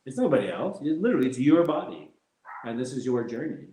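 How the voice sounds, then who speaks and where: A middle-aged man talks candidly as an interview guest. He speaks at an ordinary pitch, reflective one moment and lively the next, often laughing through his anecdotes. His voice rings in a roomy, echoing space. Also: quick pace. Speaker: guest, former fighter.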